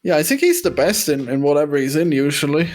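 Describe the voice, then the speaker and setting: Easygoing man with a fairly high voice. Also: expressive, fast, darkish tone, faint music behind. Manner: easygoing, laughs often, asks questions. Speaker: podcast co-host. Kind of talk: casual movie podcast chat.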